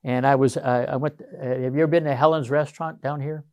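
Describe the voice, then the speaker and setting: A man's voice: medium pitch, fairly even intonation, fast talker, darkish tone, no room sound. Older man, retired Marine, talks in long winding anecdotes; dry, close sound. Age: 60s. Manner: rambling, anecdotal, many fillers and restarts. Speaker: retired Marine gunnery sergeant, interviewee. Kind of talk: casual storytelling interview.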